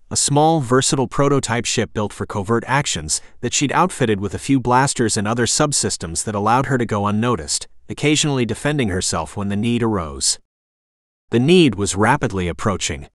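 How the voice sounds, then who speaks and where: A man reading a science-fiction story aloud as narrator, with a steady storytelling delivery. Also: lowish voice, moderate pace, no room sound, clean studio sound. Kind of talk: scripted audiobook narration.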